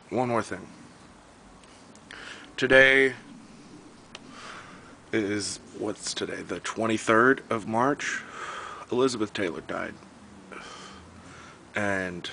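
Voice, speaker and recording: A man's voice: on the low side, sharp tone, a little hiss or hum, poor audio. A young man telling a story in a casual, profane, exasperated rant.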